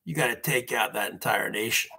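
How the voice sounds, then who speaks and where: A man's voice: mid-range voice, brisk, creaky, sharp tone, breathy edge. A man hosting a livestream, ranting in a rambling, repetitive monologue and often addressing his viewers as folks. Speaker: livestream host.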